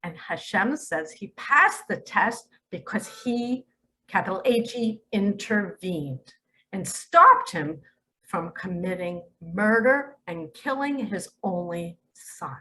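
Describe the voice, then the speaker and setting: A woman speaking as a spiritual teacher in a religious monologue, emphatic, with sudden loud and hushed turns. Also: medium pitch, expressive, slow pace, low-quality recording.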